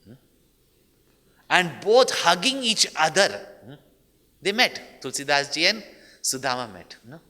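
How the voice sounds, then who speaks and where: Telling stories during a discourse, this spiritual teacher keeps tagging his lines with a questioning "hmm?" or "no?" to check on his listeners. His voice is a little high and sing-song, bright and forceful, at a measured pace with frequent pauses. Long hall reverb trails after his words.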